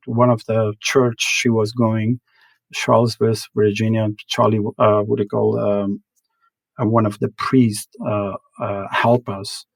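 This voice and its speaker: A man tells his story in halting, earnest English full of broken grammar. His voice sits low and gravelly, with a flat, even delivery. The sound is close and dry. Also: dry recording, poor audio. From Afghanistan. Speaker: podcast guest. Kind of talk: personal life story in interview.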